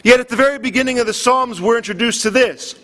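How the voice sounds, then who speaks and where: A man's voice: very high-pitched, quick pace, a bit bright. A man preaching a sermon, earnest and building in intensity. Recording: long hall reverb.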